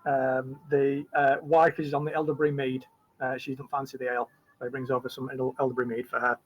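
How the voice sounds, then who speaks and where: A man's voice: medium pitch, flat delivery, fast, poor audio. A man narrating a tabletop game as game master. He rambles and fills his talk with ums, likes and restarts. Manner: rambling, full of fillers and restarts.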